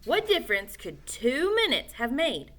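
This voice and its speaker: A woman reading a children's novel aloud, animated, with small slips and self-corrections. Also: high voice, unhurried. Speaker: audiobook reader.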